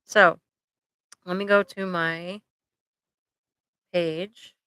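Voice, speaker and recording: A woman therapist talks casually to her viewers on a live stream, tossing in "like" and "right?" as she goes. Her voice is bright and smooth. It is recorded dry and close on a computer microphone. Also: lowish voice, flat delivery, extremely slow, dry recording, low-quality recording. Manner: chatty, conversational, frequent "like" and "right?" tags; directly addresses viewers.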